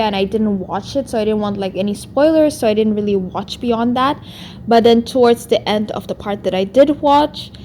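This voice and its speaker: A woman's voice: a little high, warm tone, a little hiss or hum. A woman with a non-American English accent, ranting at another creator in a vlog and filling her sentences with "like". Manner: exasperated, heavy use of "like". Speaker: YouTuber responding to another creator. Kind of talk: vlog rant.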